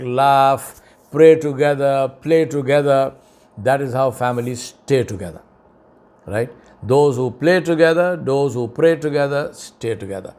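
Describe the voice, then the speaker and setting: A middle-aged man giving an earnest, emphatic advice talk, repeating key points for stress. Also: a little mellow. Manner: mocking quoted voices in a higher tone. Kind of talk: lecture-style advice talk.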